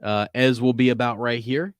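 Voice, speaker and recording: A man's voice: mid-range voice, fairly even intonation, normal speed, smooth, no echo. A man hosting a call-in podcast in casual chat, playful and goofy. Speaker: podcast host.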